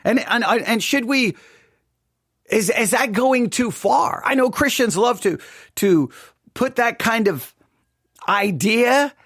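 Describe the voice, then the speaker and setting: Lively high-voiced man teaching scripture. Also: takes it slowly, pauses often, husky, no room sound, studio quality. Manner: thinks aloud, with frequent restarts and rhetorical questions. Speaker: Bible teacher. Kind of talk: devotional Bible study talk.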